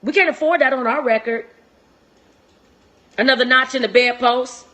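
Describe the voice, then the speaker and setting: A young woman hosting a live-stream relationship talk, preachy and emphatic, repeating phrases and swinging from soft to shouting. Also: high-pitched, normal speed.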